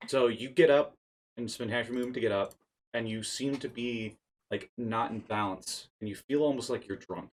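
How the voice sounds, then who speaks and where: A man's voice: mid-range voice, normal speed. A man acting as dungeon master, narrating and calling rolls in a playful manner. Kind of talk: running a tabletop game.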